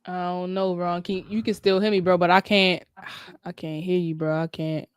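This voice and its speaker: A woman's voice: fairly low pitch, moderate pace, clean tone, no room sound. A woman hosts a laid-back livestream chat. Her delivery is loose and full of slang, and she sounds like she is talking with friends. Her voice comes through dry and close, over a call mic. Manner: slangy, relaxed, talks with friends. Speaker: livestream host.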